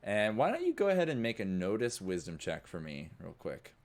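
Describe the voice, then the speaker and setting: A man with a low, deep voice runs a tabletop role-playing game. He narrates casually, dropping in lots of fillers as he sets each scene. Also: huge pitch swings, a little fast, a little mellow. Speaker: game master.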